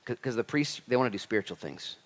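Animated man preaching a sermon. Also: medium pitch, fast. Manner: animated preaching with acted-out quotes and humor. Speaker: pastor.

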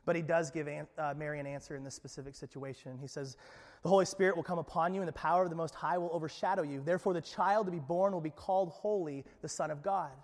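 A male pastor with a notably high voice delivers a lively sermon. He speaks conversationally, acts out Bible voices and repeats words as he goes. The sound carries a long reverb from a church hall. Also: fast talker.

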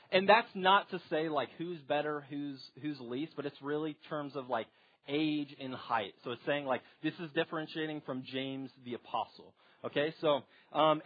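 A man's voice: fairly high pitch, husky. A young man giving a casual Bible teaching, talking conversationally with plenty of fillers. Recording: dull lo-fi recording.

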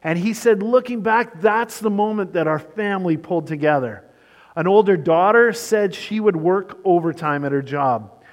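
A male pastor with a somewhat high voice preaches a sermon, shifting between brisk storytelling and slow, emphatic lines. His words trail off into the long reverb of a large church hall.

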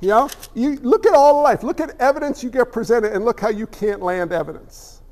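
A man preaching a sermon as pastor, animated and acting out little voices along the way. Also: very high voice, a little fast, in a large hall.

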